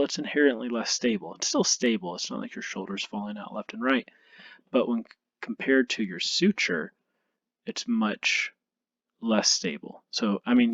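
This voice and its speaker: A male anatomy instructor giving a recorded lecture over slides, relaxed and self-deprecating, thinking aloud with frequent ums. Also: medium pitch, no room sound, highs cut off. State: tired, yawning.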